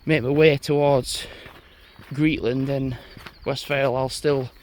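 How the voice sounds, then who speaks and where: Walking a moorland footpath outdoors, a young vlogger rambles casually and swears now and then. His mid-range voice is a little mellow, fairly even and unhurried, with a slight hiss or hum.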